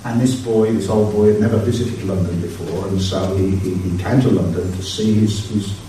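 A man's voice: deep voice, steady tone, normal speed, warm tone, slight background noise. A man preaching a sermon, earnest and building to urgent exhortation. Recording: echoey hall, mic far off.

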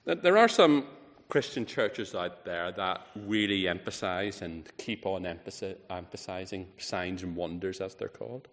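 A man preaching a sermon, emphatic, rising on key words and falling low and quiet at the ends of phrases. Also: a little slow. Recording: reverberant hall.

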